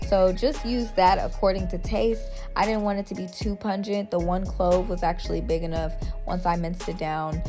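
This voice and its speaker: A woman talking viewers through a recipe in her home kitchen, casual and chatty. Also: mid-range voice. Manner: chatty, informal, addresses viewers directly. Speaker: cooking vlogger. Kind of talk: casual cooking tutorial. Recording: music playing in background.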